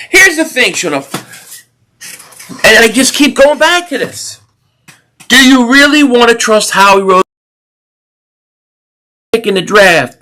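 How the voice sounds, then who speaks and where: Male stream host, casual and opinionated sports talk, high and bright timbre. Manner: opinionated, animated sports rant with repeated restarts. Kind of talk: casual live stream chat, reading super chats.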